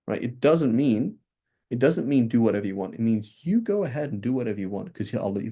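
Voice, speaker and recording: A man teaching a class on Islamic texts, talking in a lively, conversational way with frequent "right?" checks and restarts. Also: medium pitch, slightly rough.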